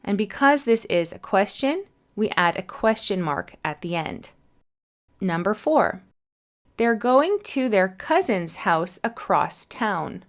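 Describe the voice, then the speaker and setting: A woman's voice: medium pitch, big pitch swings. Woman patiently explaining English punctuation. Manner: clear, patient explanation, spells letters out slowly. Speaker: English teacher. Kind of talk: teaching a punctuation lesson.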